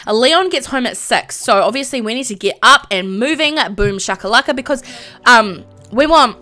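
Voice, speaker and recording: A young woman streams a life-sim game live, narrating her characters' drama in a chatty, emotional way and filling pauses with "um". Her voice is bright and forward and sits a touch high. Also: lively intonation, soft background music. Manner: chatty, emotional, lots of filler ums. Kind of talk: live let's play commentary.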